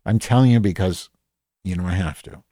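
A cranky, foul-mouthed Madge, voiced by a man, rambles through an improvised comedic monologue, forever calling herself an idiot and restarting her sentences. The voice sits low and mellow, heard dry and close with no room sound around it. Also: a little fast, no room sound. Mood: rambling. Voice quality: rambling, swearing, self-deprecating, many restarts. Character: cranky self-mocking office worker Madge, foul-mouthed. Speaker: podcast host in character.

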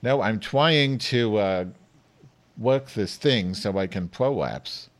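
A man's voice: lowish voice, slow. A man in comedic call banter, crudely swearing and bossing his partner while playing a mock news anchor. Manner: crude, bossy, profane joking.

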